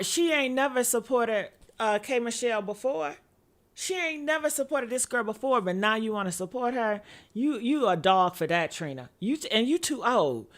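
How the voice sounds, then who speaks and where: A woman hosting a live-stream celebrity gossip vlog, sassy and animated, calling her viewers honey. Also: on the high side. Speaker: gossip vlogger. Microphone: earpiece.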